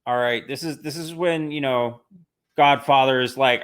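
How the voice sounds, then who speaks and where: A man co-hosting a casual talk show, speaking bluntly with plenty of swearing and quick bursts. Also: mid-range voice, animated. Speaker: podcast co-host. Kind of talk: casual chat.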